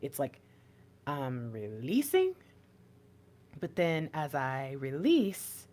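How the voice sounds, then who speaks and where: A young woman giving an intuitive tarot reading, rambling and excitable, often trailing off and laughing. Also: sits low, slow pace. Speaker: tarot reader.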